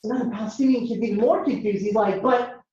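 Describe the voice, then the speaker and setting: A young man from Ohio telling stories as a stand-up speaker, acting out characters with sudden jumps in pitch. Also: quick pace, warm tone, slight background noise. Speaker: comedian and speaker. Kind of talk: storytelling stand-up talk to an audience. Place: university lecture hall. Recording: echoey hall, dull lo-fi sound.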